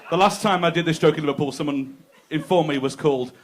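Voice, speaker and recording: A man working a comedy club crowd with crude, chatty stand-up. His voice sits a little high for a man, and he talks to the audience directly. Faint room noise sits under the live recording. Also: fast talker. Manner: conversational, crude, teasing the crowd.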